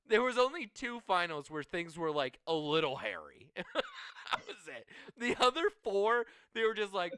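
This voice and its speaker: Bright, crisp-voiced man. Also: high voice, very animated, moderate pace, no echo. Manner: profane, storytelling, laughs often. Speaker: podcast co-host. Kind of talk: casual sports chat.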